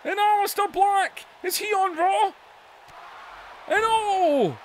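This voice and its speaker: High-voiced man calling game wrestling. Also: takes it slowly, some chatter behind, slight background noise. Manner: excitable, bursts into shouts. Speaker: YouTube gaming host. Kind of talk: excited wrestling play-by-play over a video game.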